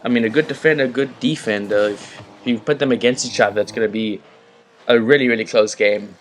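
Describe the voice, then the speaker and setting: A man casually commentating a game from his bedroom, rambling and chatty with bursts of excitement, on a laptop mic. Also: mid-range voice, brisk, slight background noise. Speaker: gaming commentator and host. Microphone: laptop built-in mic.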